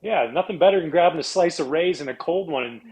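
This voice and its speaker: Animated storytelling man from Canada. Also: fast talker, crowd noise, poor audio. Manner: animated storyteller, acts out quotes in a high voice. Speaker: guest, former pitcher. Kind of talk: casual storytelling interview.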